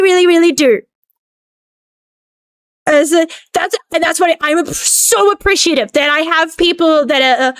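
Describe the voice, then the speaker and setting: High-voiced woman streamer venting. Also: dry recording. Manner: rambling, venting, swears freely; warm thanks to viewers. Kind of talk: casual end-of-stream chat.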